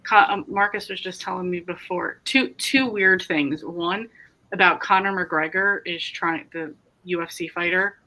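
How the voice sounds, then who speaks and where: A woman's voice: fairly low pitch, measured pace, sharp tone, poor audio. A woman hosting a casual livestream, chatting and reading out viewer comments. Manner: chatty, reads comments aloud and riffs on them. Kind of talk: casual chat.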